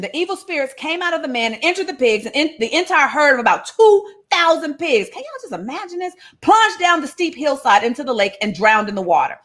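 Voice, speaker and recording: A woman's voice: high-pitched, fairly bright tone. A woman teaching a Bible passage in a casual, slangy, storytelling sermon.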